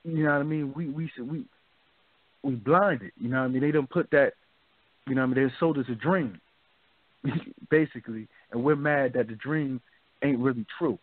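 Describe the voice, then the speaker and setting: A man's voice: medium pitch, normal speed, dry recording. A man hosting a radio talk show, chatting loosely and often asking "you feel me?". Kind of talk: casual discussion. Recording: dry, phone-like narrow sound.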